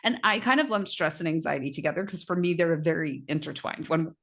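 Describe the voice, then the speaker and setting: A middle-aged woman chats casually as a podcast co-host. Her voice sits a little low. She tells stories with energy and acts out her own asides as quotes. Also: a little fast, vocal fry. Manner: animated storytelling with laughs and quoted asides. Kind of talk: casual chat.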